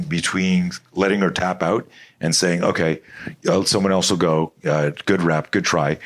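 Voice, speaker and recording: A middle-aged man telling animated stories as a guest in an interview, rambling and restarting often. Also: low-pitched. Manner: animated, rambling storyteller with frequent restarts and profanity. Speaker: self-defense expert guest. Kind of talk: storytelling interview talk.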